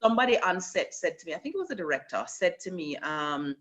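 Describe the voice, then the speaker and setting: A Jamaican actress in an interview, telling stories animatedly and slipping into patois. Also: female voice, lowish voice, fast talker, crowd noise. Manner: animated storyteller, slips into patois. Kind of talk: conversational interview.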